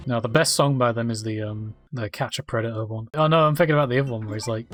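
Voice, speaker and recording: A man's voice: mid-range voice, brisk, music in the background. A man giving crude, rambling, jokey commentary while streaming a game. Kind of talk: casual gameplay commentary.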